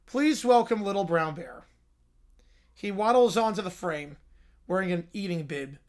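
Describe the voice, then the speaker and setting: A man hosting a livestream, narrating improvised comedy sketches in a rapid mock-sportscaster manner. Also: high-pitched. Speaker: livestream host.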